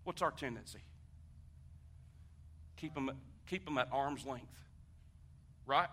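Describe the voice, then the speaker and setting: A man preaching a sermon, conversational and animated, asking the congregation questions and swinging from hushed talk to shouting. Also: mid-range voice, takes it slowly, long pauses. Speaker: pastor.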